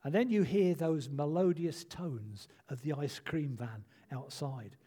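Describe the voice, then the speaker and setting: An older pastor preaches a sermon in a measured, earnest way, pausing to let points land. His voice is warm and mellow, pitched a little above the usual for a man. He speaks steadily, with gentle emphasis. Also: breathy edge.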